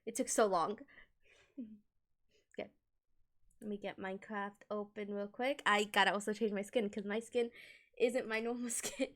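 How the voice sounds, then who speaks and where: A woman's voice: medium pitch, fairly even intonation, moderate pace, long pauses, fairly bright tone. A woman from Colombia chatting casually with viewers on a livestream, giggling often and talking animatedly with her hands near a desk microphone. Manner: giggly, laughs often between sentences.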